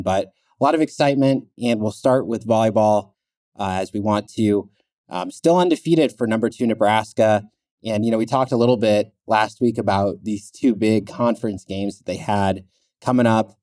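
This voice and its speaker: A man co-hosting a sports podcast in a relaxed, casual chat, with plenty of fillers. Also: fairly low pitch, no echo, studio quality. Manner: relaxed, filler-heavy, chuckles now and then. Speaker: podcast co-host.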